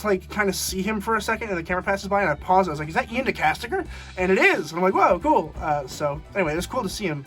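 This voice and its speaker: A man's voice: high-pitched, a bit bright. Young man rambling through a movie review. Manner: rambling, many fillers and restarts. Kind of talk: casual spoken review.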